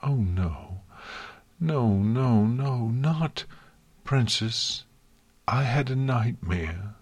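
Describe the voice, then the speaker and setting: A man's voice: medium pitch, lively intonation, takes it slowly, a bit bright, husky, no echo, voice pushed up, full character voice. Man doing a tearful frightened young unicorn mare. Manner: whimpering, sniffling, shaky. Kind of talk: audiobook fan fiction reading.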